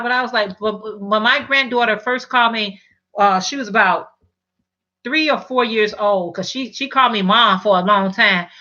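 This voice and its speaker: A woman's voice: on the high side, moderate pace, sharp tone, highs cut off. A middle-aged woman hosting a casual live stream, chatting and reading viewer comments, often restarting and repeating words.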